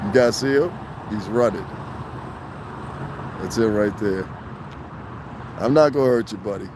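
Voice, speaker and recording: A man vlogging outdoors on his phone by a fence, talking casually and profanely, getting animated as he rants. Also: unhurried. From New Jersey, US. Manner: animated, profane, rising to heated pitch when worked up. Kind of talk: casual outdoor commentary vlog. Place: outdoors by a fence, near traffic. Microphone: handheld phone camera. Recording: outdoor phone recording with traffic noise.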